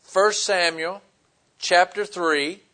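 A man preaching a sermon in a conversational way, pausing on fillers and retelling scripture as dialogue. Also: high voice, fairly even intonation, pushed and bright. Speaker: pastor.

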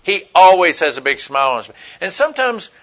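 A man's voice: high voice, big pitch swings, quick pace, fairly bright tone. A man preaching a sermon, telling a story in an emphatic, repetitive way. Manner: storytelling, emphatic, repeats phrases. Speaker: pastor.

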